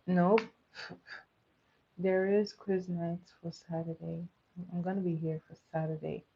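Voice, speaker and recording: A woman's voice: fairly low pitch, flat delivery, unhurried, creaky, muffled recording, slight background noise. A woman chatting casually on a livestream while doing her makeup, reading viewer comments and running playful votes.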